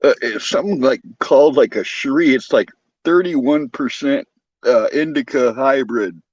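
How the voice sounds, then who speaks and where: A man's voice: medium pitch, normal speed, darkish tone, no room sound. Laid-back joking man on a call. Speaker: guest caller on a stream. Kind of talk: casual chat. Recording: dull lo-fi call audio.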